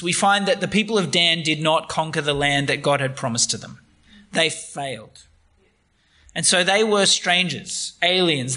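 A man preaching a sermon on a Bible passage, retelling it in a lively, conversational way. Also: a little high.

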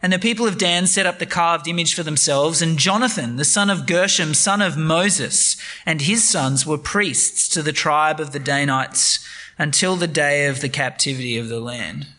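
A man preaching a sermon on a Bible passage, retelling it in a lively, conversational way. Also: on the high side, normal speed.

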